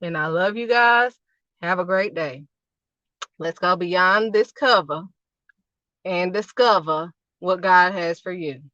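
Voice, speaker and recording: A woman's voice: on the low side, slow, long pauses, pushed and bright, dry recording, highs cut off. A woman preaching casually to camera as a channel host, emphatic and repetitive, driving each point home in short punchy phrases.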